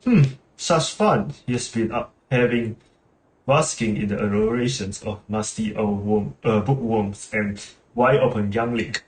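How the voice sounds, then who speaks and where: A man's voice: lowish voice, unhurried, lightly acted. A man reading a vain, sulky fairy. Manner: reads the lines aloud plainly, with slips. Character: vain, needy female fairy, sulky and grand. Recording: roomy room with game music.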